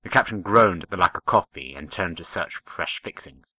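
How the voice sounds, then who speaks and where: A man reading fan fiction aloud, narrating in a measured, expressive way. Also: sits low, poor audio. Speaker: story reader.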